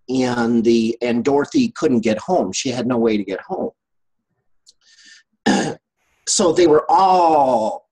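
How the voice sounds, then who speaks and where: A man's voice: mid-range voice, husky, low-quality recording. A man giving a motivational team training talk, telling a story with animation and often checking in with his listeners.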